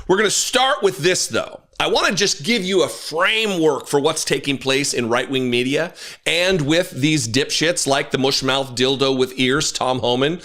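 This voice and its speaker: A man hosting his own political commentary show, angry and animated, with blunt swearing and quick asides. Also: on the high side.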